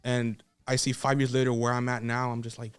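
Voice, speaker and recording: Young man, 21, from South Texas, casual storytelling, emotional, rambling, mid-pitched voice. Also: little pitch movement, brisk, clear, resonant tone. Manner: emotional, rambling, frequent restarts. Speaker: guest wrestler.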